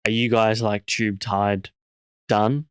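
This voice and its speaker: A man with a low, smooth voice hosts a relaxed interview. He muses aloud in a reflective, halting way, and the sound is close and dry. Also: no room sound. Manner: reflective, hesitant, many fillers and restarts. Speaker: podcast host. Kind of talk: casual interview chat.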